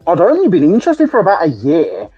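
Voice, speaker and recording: A British man hosting a podcast, chatting excitably with lots of laughter and swearing. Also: on the high side, fast talker, slightly rough, dull audio. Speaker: podcast host. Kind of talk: casual chat.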